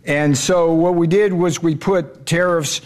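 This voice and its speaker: A man answers an interviewer bluntly, leaning hard on his points. He restarts and repeats words as he goes. His voice sits a little high for a man. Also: steady tone, a little slow, darkish tone. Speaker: trade adviser guest.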